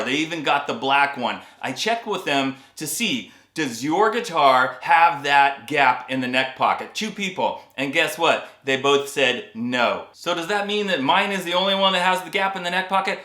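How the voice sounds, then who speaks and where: A man's voice: on the high side, sharp tone, echoey room. A man talking casually to viewers as he reviews an electric guitar and shows its parts. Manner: chatty, addresses viewers as guys, demonstrates on guitar.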